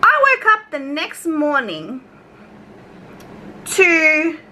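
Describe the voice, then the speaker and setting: A woman's voice: high voice, wildly swooping pitch, extremely slow, pushed and bright, a little hiss or hum, rough recording. A young Australian woman telling a casual storytime rant to her viewers, chatty and swearing freely as she acts out exchanges. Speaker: YouTube commentary creator.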